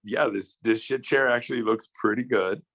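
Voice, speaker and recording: A man's voice: mid-range voice, moderate pace, fairly bright tone, no echo. A man co-hosting a podcast over a video call, talking in a loose, joking way with lots of fillers. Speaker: podcast co-host. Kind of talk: casual chat.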